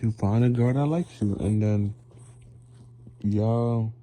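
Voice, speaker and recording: A drowsy man talking from his bed late at night, half-yawning as he rambles. His voice is very dark and mellow, and it sits a little low. It sometimes sinks toward a whisper. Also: takes it slowly. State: sleepy, yawning. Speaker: vlogger. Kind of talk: casual late-night monologue. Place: bedroom, lying in bed.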